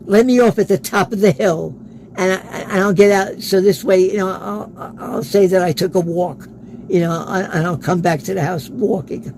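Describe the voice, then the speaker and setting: A man's voice: sits high, normal speed, a little mellow, slight background noise, low-quality recording. A man, an interview guest, telling a personal story in a casual way and acting out the quoted dialogue. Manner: acts out quoted dialogue in his stories.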